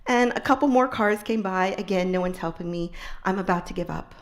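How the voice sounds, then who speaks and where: A woman public speaker telling an inspirational story, expressive and often dropping to a soft, hushed tone. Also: mid-range voice, brisk.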